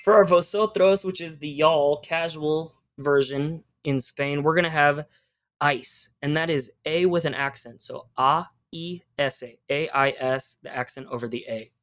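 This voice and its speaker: A woman's voice: deep voice, measured pace. A woman hosting a podcast, teaching Spanish verb endings in a casual, encouraging way and spelling out words.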